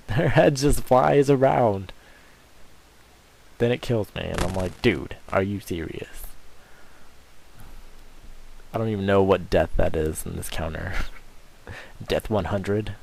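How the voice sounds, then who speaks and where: A man's voice: fairly low pitch, a little slow, creaky, long pauses, a little mellow. A man giving rambling, crude, joking commentary over his video game playthrough. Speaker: gameplay commentator. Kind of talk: casual let's-play commentary.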